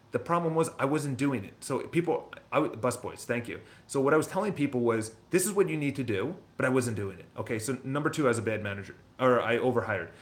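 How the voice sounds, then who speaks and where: A man in his thirties hosting a real estate channel, talking in a rambling, motivational monologue full of restarts and repeated words. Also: medium pitch.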